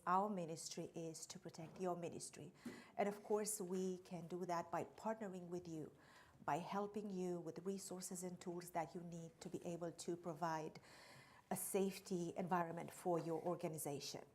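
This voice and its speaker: A woman's voice: lowish voice, darkish tone. A woman with a Romanian accent giving a training presentation on risk management to church treasurers, earnest and explanatory, stressing key terms. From Romanian descent. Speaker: insurance trainer.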